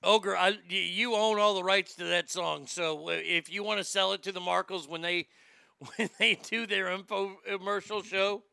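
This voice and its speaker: A man's voice: high voice, steady tone, moderate pace, vocal fry, pushed and bright, smooth, no room sound, clean studio sound. A man hosting a comedic rant, profane, mocking and rambling.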